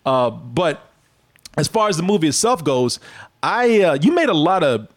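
A man in casual, profane conversation about movies, animated and quick to laugh. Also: fairly high pitch. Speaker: podcast co-host. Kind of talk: casual movie-review chat.

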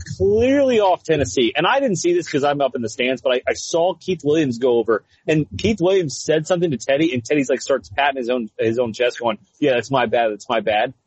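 A man co-hosts a casual sports talk show and spins long, animated stories full of fillers and restarts. His voice is slightly husky and breathy. The recording sounds a bit dull, as if the top end were rolled off. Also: on the high side, no room sound. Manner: rambling, animated storytelling with frequent fillers. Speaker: podcast co-host.

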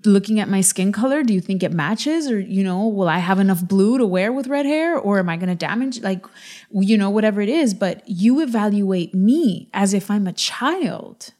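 Earnest woman in her thirties, mellow voice. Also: mid-range voice, lively intonation, moderate pace. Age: 30s. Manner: earnest, pressing her point with quoted asides. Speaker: podcast co-host. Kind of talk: candid couple conversation.

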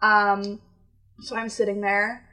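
A young woman casually telling a long story on a chat podcast, animated and acting out the people she met. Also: mid-range voice, takes it slowly.

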